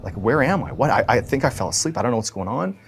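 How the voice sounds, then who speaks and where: A man's voice: mid-range voice, lively intonation, quick pace, gravelly, breathy edge. A man voicing a young male trainee pilot who is lost, frantic and stammering.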